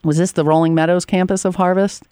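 Smooth-voiced earnest woman host. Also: lowish voice, steady tone, fast, mellow, no echo, studio quality. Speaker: radio show host. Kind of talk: hosting an interview show.

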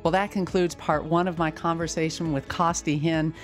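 A woman's voice: low voice, steady tone, normal speed, soft background music. A woman hosting an interview, recalling her own experiences in a reflective way and then wrapping up the episode. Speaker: host. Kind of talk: interview and closing wrap-up.

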